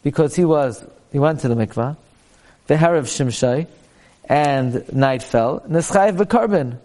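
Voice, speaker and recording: A man's voice: on the high side, lively intonation, a little slow, a little mellow. A man teaching a Talmud class. He chants passages aloud and then explains them in plain English.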